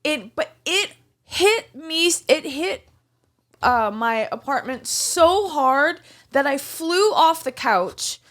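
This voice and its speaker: A woman co-hosting a podcast, telling a story in casual chat, animated and full of restarts. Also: high-pitched, slow pace. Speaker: podcast co-host.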